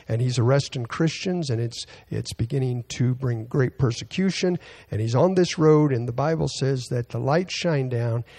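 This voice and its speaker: Man, preacher, Bible teaching, mellow dark tone, gravelly, stops and restarts often. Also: medium pitch. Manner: halting, many fillers and restarts, reads scripture aloud.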